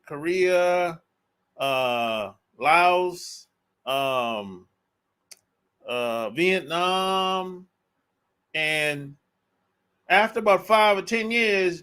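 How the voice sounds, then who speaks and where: A man's voice: high voice, pushed and bright. A man hosting a dating channel, giving a casual, blunt, slangy opinion monologue and repeating his points.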